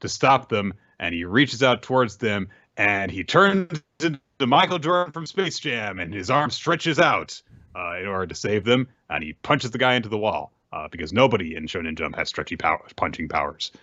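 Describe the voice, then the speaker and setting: A man's voice: on the low side, very animated, moderate pace, pushed and bright, no room sound. A man co-hosting a podcast, recapping a manga chapter casually with many fillers and restarts. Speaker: podcast co-host. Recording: dull dry lo-fi recording.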